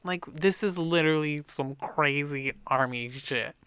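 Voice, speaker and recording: An animated man co-hosts a casual book podcast, retelling the story with cursing and quick acted-out lines. His voice is bright and forward. The recording is close and dry. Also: fairly high pitch, smooth, dry recording. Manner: animated, profane, acts out lines. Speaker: podcast co-host. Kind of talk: casual book-club chat, retelling the plot.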